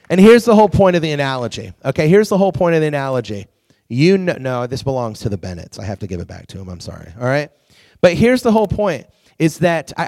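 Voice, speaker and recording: A man's voice: a little high, no echo, studio quality. A man preaching to a youth group, telling stories animatedly and acting out quotes. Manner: animated storytelling with acted-out quotes. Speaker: youth pastor.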